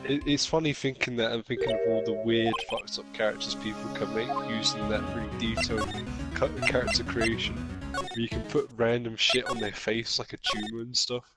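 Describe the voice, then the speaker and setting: A man in casual chat with friends, playful and quick to laugh, stumbling over his words. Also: mid-range voice, steady tone, over loud music. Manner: playful, laughs often, hesitant restarts. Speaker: gaming chat co-host.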